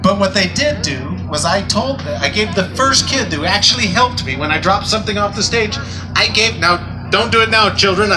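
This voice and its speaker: A man performing as a street juggler, bantering and joking loudly with an outdoor festival crowd. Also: high voice, animated, normal speed, over music. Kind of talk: comedic stage patter.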